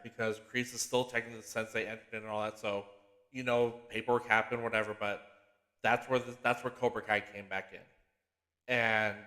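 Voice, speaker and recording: Man, podcast host, casual excited recap, lots of swearing, trips over his words, medium pitch. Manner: excitable, profane, animated storytelling; swears often, restarts sentences.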